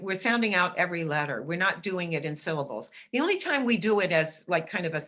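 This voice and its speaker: A middle-aged woman gives a lecture in a bright, forceful voice that sits a little low. She explains emphatically and sounds out example words. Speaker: teacher educator presenting. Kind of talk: webinar lecture.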